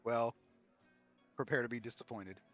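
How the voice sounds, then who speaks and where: A man's voice: mid-range voice, steady tone, normal speed, a bit bright, soft background music. A man running a tabletop game as game master, narrating in a casual way with many restarts.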